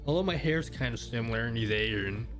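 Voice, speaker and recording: Quick and animated, this mid-range male voice belongs to a live streamer chatting casually and laughing often as he rambles to viewers. He uses a studio mic through an audio mixer, with faint background music.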